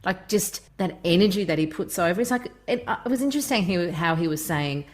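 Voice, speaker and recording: A woman's voice: fairly low pitch, lively intonation, fairly quick. A woman co-hosting a fan podcast, chatting casually in a laid-back, slangy way and swearing freely. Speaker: podcast co-host.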